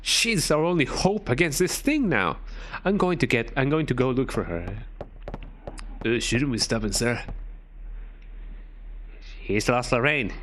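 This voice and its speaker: Playful male streamer, lively pitch. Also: unhurried, long pauses, a little hiss or hum. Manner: jokey, reads game lines aloud in playful voices, says "eh" a lot. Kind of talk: casual game commentary with voiced dialogue.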